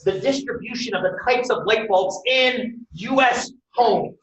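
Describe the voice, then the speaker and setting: A man teaching a college class, lively and quizzing his students with questions. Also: very high-pitched, a little slow, slight background noise. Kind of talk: classroom lecture. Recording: echoey room, distant dull mic.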